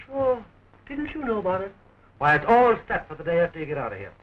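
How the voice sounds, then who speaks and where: An actor playing a wisecracking young man who talks in quick joking patter while fighting to free his fiancée, from a dull old film soundtrack. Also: high-pitched, very animated. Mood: tender.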